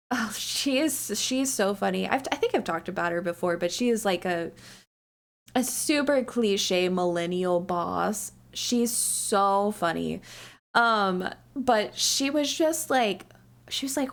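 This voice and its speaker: A young woman livestreams and chats casually with her viewers, rambling and giggling with lots of "like," her voice slightly strained from so much talking. Her medium-pitched voice is creaky and unhurried.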